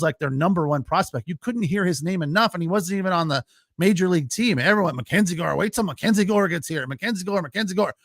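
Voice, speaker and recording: A man's voice: a little high, fairly bright tone, no room sound, studio quality. A man hosting a solo postgame sports podcast, talking casually with lots of fillers and reacting to live chat. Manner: casual, chatty, frequent fillers, laughs easily.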